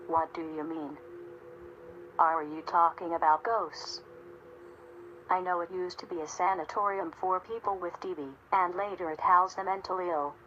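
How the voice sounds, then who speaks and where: A woman reading a story aloud in a steady, measured narration. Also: lowish voice, highs cut off. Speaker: audiobook narrator. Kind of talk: scripted narration.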